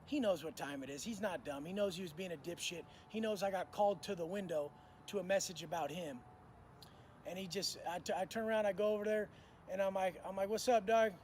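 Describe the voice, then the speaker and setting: A man delivers an offhand monologue about his time around prison, full of profane slang and acted-out dialogue. His voice sits high with a darkish tone, runs a little fast, and carries a little hiss or hum.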